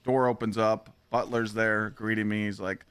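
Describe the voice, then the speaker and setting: A man streaming a game who tells a long anecdote in a casual, profane, animated way and acts out the lines of the people in it. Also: lowish voice, moderate pace, clear, resonant tone, dry recording. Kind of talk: casual storytelling while gaming.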